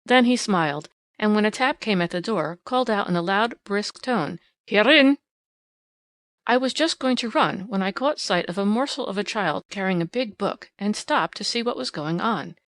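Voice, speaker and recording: Female audiobook narrator, first-person storytelling, expressive but measured, dead-dry studio sound. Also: mid-range voice, no echo.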